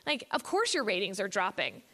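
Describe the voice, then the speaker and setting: A woman's voice: mid-range voice, wildly swooping pitch, brisk, a bit bright. A woman on a panel making her argument emphatically and with strong opinions. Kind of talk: panel discussion.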